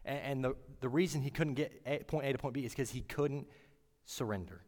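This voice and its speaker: A man giving a sermon in an earnest, halting way, often restarting his words. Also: medium pitch, darkish tone, long reverb tail. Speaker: preacher.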